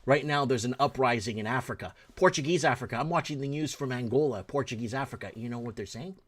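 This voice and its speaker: A man's voice: mid-range voice, quick pace, a bit bright. A man hosting his own talk show, ranting in solo commentary, blunt and profane and often repeating himself.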